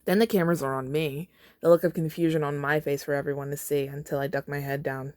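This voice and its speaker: A woman's voice: low voice, fairly even intonation, quick pace, darkish tone, no room sound. A young woman hosting a podcast, reading fan fiction aloud with wry, casual asides. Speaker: podcast host.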